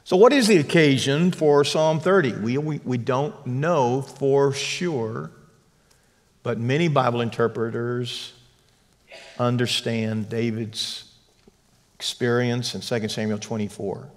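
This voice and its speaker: A man teaching a church Bible class, emphatic, dropping to a hush on key lines. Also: medium pitch, takes it slowly, in a large hall. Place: church hall.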